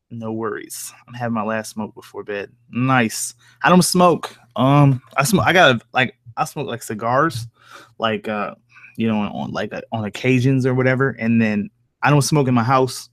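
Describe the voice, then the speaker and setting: A man's voice: fairly low pitch, fairly bright tone, dry recording, clean studio sound. A young man from Oklahoma chatting casually on a live stream, answering viewers with lots of fillers, cursing and jokes. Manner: rambling, profane, joking, lots of fillers. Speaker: streamer reading chat.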